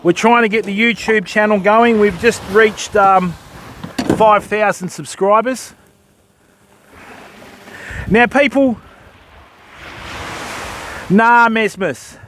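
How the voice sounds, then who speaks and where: Here the older Australian fishing streamer's voice sits high and a bit bright, and he takes it slowly with frequent pauses over a little hiss or hum. Out on the beach by the surf, he casually chats with viewers, calling them mate and bud as he rigs and casts.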